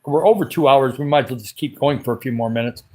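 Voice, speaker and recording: A man hosting a casual livestream, his throat dry and raspy, rambling along and greeting viewers by name as he reads their comments. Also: medium pitch, quick pace, a little mellow. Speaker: livestream host.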